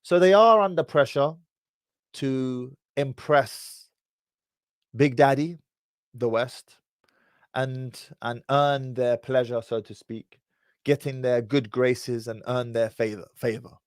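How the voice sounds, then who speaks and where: A British man talks through a casual livestream, drifting from story to story with plenty of street slang. He sits at an ordinary middle pitch. His voice comes across close and dry, with no room sound. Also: takes it slowly, clear, resonant tone, no echo. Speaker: livestream host.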